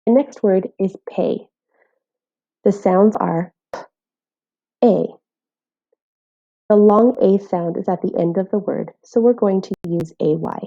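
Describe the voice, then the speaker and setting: A woman teaching phonics in a scripted voice-over, speaking clearly and carefully while sounding out letters. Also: mid-range voice, a little slow, mellow, lo-fi sound. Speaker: literacy teacher.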